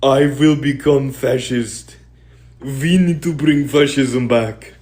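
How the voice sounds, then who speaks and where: A man voicing a disillusioned European who is turning fascist, speaking slowly and matter-of-factly. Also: mid-range voice, steady tone, a little mellow, voice pushed up, lightly acted. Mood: flat.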